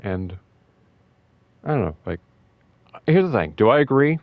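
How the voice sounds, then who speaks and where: A young man talking in a casual, rambling way about a fighting game, emotional and excited, with many fillers and restarts. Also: mid-range voice, measured pace, no echo, narrow, tinny audio. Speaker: gaming video host.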